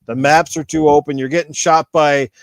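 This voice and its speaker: A man's voice: fairly high pitch, fairly even intonation, moderate pace, no echo. Laid-back man in gaming chat. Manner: laid-back, profane, rambling. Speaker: podcast co-host. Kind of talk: casual gaming podcast chat.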